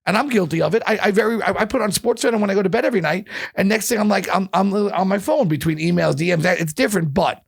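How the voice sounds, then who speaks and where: Gravelly high-voiced talkative man. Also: fast talker, hardly any pauses. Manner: animated, profane, repeats words when excited. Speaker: chef and guest. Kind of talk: storytelling interview chat.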